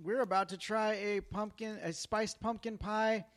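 A man's voice: high-pitched, steady tone, measured pace, a bit bright. A man hosting a casual food taste-test, joking and making mock-announcer asides to viewers.

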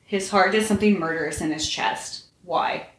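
A woman podcast host reading fan fiction aloud in a steady, plain way. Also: mid-range voice, fairly quick. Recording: roomy echo, faint noise.

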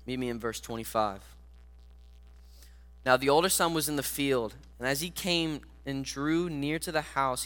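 Bright, earnest male preacher. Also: medium pitch, clean tone. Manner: earnest, addresses listeners directly as guys. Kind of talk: sermon.

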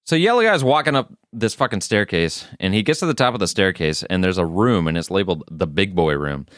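A man's voice: deep voice, animated, fairly quick, fairly bright tone, no room sound, studio quality. A man co-hosting a podcast, recapping a show in a rambling, profane way with many fillers. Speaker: podcast co-host. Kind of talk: casual recap chat.

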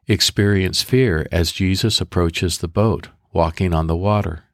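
A man hosting a devotional podcast, giving measured, deliberate instructions for prayer and guided meditation. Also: low voice, fairly even intonation, no echo, clean studio sound.

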